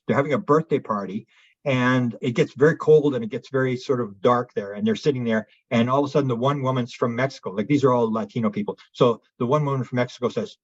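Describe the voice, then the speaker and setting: A man's voice: mid-range voice, quick pace, no echo, lo-fi sound. A man who is a guest on an interview show, telling a long story with energy and acting out the people he quotes. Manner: acts out quoted witnesses in raised voices. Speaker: interview guest, UFO researcher. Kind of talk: animated storytelling.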